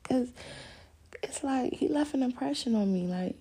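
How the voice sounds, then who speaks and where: Candid, profane woman with a gravelly voice. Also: high-pitched, animated, normal speed, dark tone. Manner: candid, profane, laughs often; rambling storytelling. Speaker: podcast host. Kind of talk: casual monologue.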